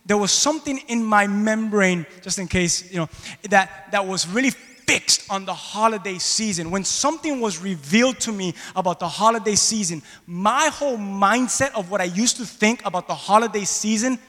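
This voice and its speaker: A man preaching a sermon to his congregation, impassioned and rising to shouts at the peaks, questioning the room. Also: sits high, animated, normal speed, long reverb tail. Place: church hall.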